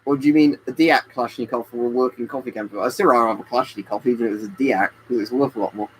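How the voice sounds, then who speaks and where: A man's voice: mid-range voice, fairly even intonation, rapid-fire, slight background noise, rough recording. Rambling man on a live stream. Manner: rambling, answers chat by name. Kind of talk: casual live stream chat with viewers. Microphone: webcam stream mic.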